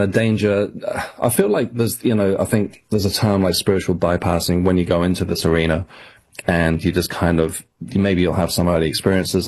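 Deep husky Englishman, halting interview talk. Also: a little mellow. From England. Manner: self-deprecating, halting with many restarts. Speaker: guest author. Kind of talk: casual radio interview.

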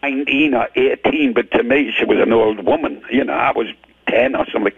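Older geordie man, gravelly, husky, phone line. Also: mid-range voice, fairly even intonation, a little fast. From Newcastle, England. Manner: chatty, self-deprecating, many restarts. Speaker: rock singer, guest. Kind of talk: casual storytelling interview. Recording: tinny phone-line radio interview.

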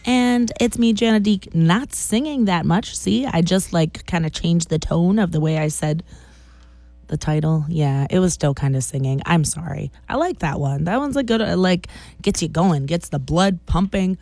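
A woman's voice: on the low side, normal speed, mellow, dry recording. A woman in her thirties, a radio DJ, chatting casually on air, tired and a bit short of breath, rambling with fillers.

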